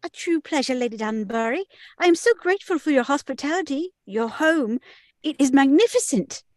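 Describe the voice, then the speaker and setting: A woman reading a gleeful eighteen-year-old girl at a table read, bubbly and quick. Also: high voice, animated, darkish tone, no echo, clean studio sound. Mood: gushing.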